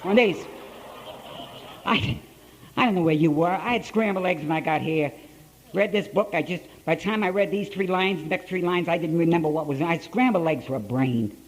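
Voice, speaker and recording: Gruff, blunt older man telling his story. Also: on the high side, brisk, poor audio. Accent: Ohio. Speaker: speaker at a recovery conference. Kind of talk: storytelling talk at a conference. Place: conference hall, live talk to an audience.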